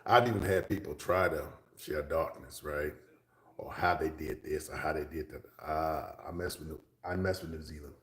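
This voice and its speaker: Deep guy rambling on a livestream, whispers his asides, echoey room. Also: normal speed. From Texas. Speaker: livestream host. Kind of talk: casual livestream chat with viewers.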